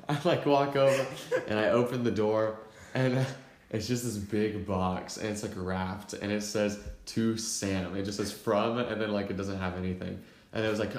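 A young man co-hosts a podcast, animatedly telling a story in a casual chat full of fillers and laughter. His voice sits on the low side with fairly even intonation at a normal speed, and the recording has a roomy echo.

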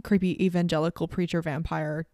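A woman's voice: low voice, little pitch movement, fairly quick, darkish tone, no room sound, studio quality. A woman co-hosting a casual podcast, recapping scenes in a wry way and slipping into short quoted lines. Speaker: podcast co-host. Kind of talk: casual chat.

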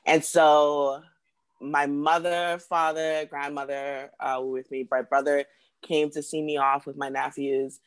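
A woman from the Bahamas, a guest telling a personal story in casual chat, lively and repeating words as she acts out what people said. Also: sits low, a little slow.

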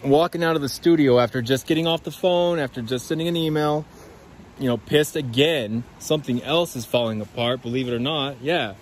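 A man's voice: mid-range voice, fairly quick, slight background noise. Rambling profane man talking while walking outside. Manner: rambling, profane, talks to listeners as guys. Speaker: podcast host. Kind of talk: rambling walk-and-talk monologue. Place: outdoors by a creek.

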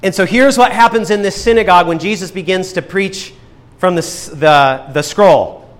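A young man preaching from the pulpit with a fairly high voice. He shifts from soft, slow emphasis to quick, lively asides and briefly acts out voices in his stories. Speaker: pastor. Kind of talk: sermon.

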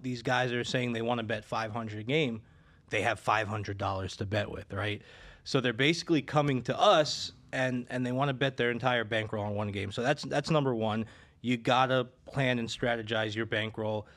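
A man of middle pitch talks casually as a betting advisor. He tells his stories loosely, starting over and filling gaps with little sounds. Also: moderate pace, a bit bright. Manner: storytelling, many restarts and fillers. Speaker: sports betting handicapper. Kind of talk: casual podcast chat.

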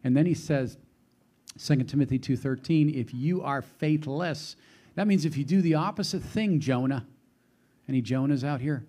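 A man's voice: mid-range voice, normal speed, warm tone. A man preaching a sermon to a live congregation, quoting scripture and putting questions to his listeners.

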